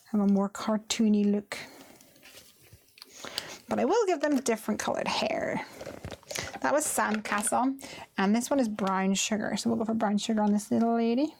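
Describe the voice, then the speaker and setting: A medium-pitched woman's voice with vocal fry and a darkish tone carries this card making live stream, full of casual chat, storytelling and frequent laughter. A little hiss or hum sits under the recording.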